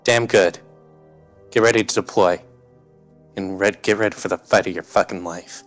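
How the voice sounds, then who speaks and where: Give me a man doing a tough, foul-mouthed soldier commander with a low voice. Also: steady tone, moderate pace, faint music behind, natural voice. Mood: gruff. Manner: rousing, swearing, forceful. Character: tough male soldier commander, brash and profane.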